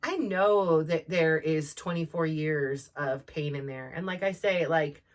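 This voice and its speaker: A podcast host in her forties speaks in a low-pitched, unhurried voice, giving a candid personal monologue that rambles with many restarts.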